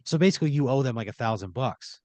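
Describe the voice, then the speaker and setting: A man improvising a comedic story on a podcast, narrating in second person with deadpan, drawn-out phrasing. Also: mid-range voice, no echo. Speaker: podcast host spinning a scenario.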